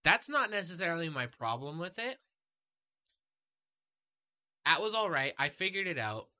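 A man hosting a casual podcast chat about a film, talking in an animated, rambling way. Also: a little high, normal speed. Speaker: podcast host.

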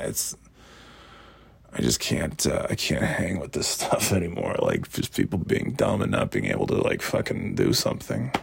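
Hoarse, gravelly-voiced man ranting. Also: fairly low pitch, no echo. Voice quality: gravelly, raspy. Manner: exasperated, rambling, profane. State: hoarse from coughing. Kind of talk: casual ranting vlog.

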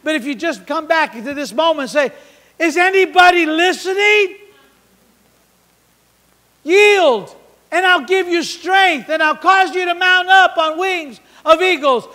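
Commanding male God figure voiced by a man, very high and shouting. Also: a little slow, exaggerated voice. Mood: fervent proclaiming. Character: God calling to his people, male, commanding. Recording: long hall reverb.

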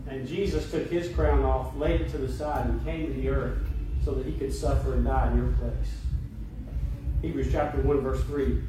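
A man's voice: medium pitch, fairly even intonation, moderate pace, background noise. A man preaching a sermon to his church, speaking with building, impassioned emphasis. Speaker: pastor. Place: church sanctuary. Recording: very echoey room, voice from a distance.

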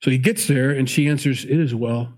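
Guy preaching, reads the bible passage then chats about it, casual, middle-pitched voice. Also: fairly even intonation, fairly quick, darkish tone. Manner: chatty asides between read verses, self-correcting. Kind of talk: conversational sermon, reading and commenting on scripture.

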